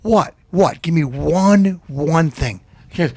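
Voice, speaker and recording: A male TV host roasting his targets in a brash, mocking rant. His voice is gravelly and sits a little high, and he laughs at his own jokes. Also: animated, slow, a little mellow, dry recording. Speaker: TV show host. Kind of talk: comic insult rant.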